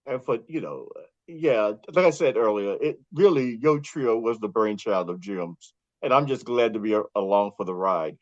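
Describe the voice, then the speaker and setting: A man with a New York accent, a podcast co-host being interviewed, telling stories in a lively way and laughing often. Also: fairly low pitch, normal speed, no echo, lo-fi sound. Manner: animated storyteller, laughs often. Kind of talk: casual interview chat.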